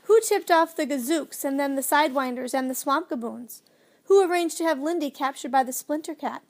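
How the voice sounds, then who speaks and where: Woman reader playing a fierce boy yelling in anger, high and loud, for a storybook. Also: a little fast. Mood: furious. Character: angry, protective young boy.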